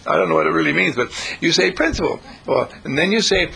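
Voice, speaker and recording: Gravelly, lively spiritual speaker man. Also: fairly high pitch, normal speed, poor audio. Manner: folksy, repetitive, chuckling preacher. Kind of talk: inspirational spiritual talk.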